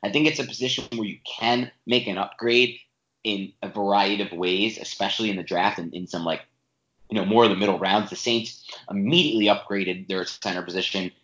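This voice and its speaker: A man with a fairly low voice talks animatedly on a podcast, pressing his points and restarting sentences as he goes. The recording has a roomy echo and a slightly muffled, dull sound. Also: fairly quick. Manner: animated, emphatic, with frequent restarts. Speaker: podcast co-host. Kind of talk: casual sports podcast talk.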